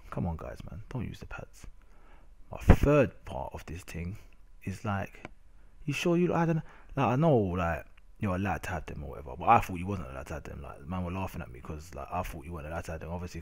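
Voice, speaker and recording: This gamer has a deep, gravelly voice that's a little mellow with a breathy edge. Speaking with a London accent, the young man rants casually over his game video, throwing in plenty of slang and a recurring "innit".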